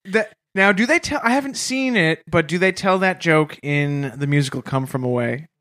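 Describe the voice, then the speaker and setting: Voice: medium pitch, moderate pace, a bit bright. A comedy podcast co-host bantering with dry, mock-solemn asides.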